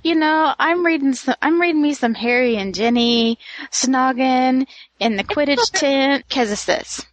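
A woman co-hosting a casual podcast, excitedly telling a story and acting out quotes. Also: high-pitched, unhurried, no room sound. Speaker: podcast co-host.

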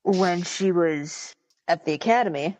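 A woman's voice: lowish voice, measured pace, darkish tone. A woman co-hosting a casual podcast, adding short comments to the discussion. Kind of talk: casual chat.

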